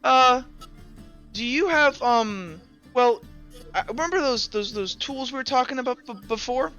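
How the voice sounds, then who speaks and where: A man's voice: very high voice, measured pace, sharp tone, muffled recording, faint music behind, voice pushed up, heavily acted. A man voicing a shy, nervous young man who stammers, in a tabletop game. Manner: stammering, timid.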